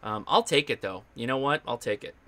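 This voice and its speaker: A man's voice: mid-range voice, a little fast, pushed and bright. A man hosting a live ham radio stream, explaining his gear in a chatty, upbeat way with loose restarts. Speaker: ham radio show host. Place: home radio station.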